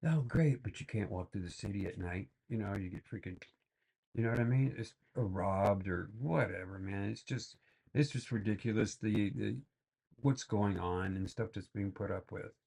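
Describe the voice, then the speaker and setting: A man's voice: on the low side, moderate pace, creaky, darkish tone, breathy edge. A man giving rambling, exasperated reaction commentary full of fillers and restarts. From Texas. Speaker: reaction video host. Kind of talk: casual ranting commentary.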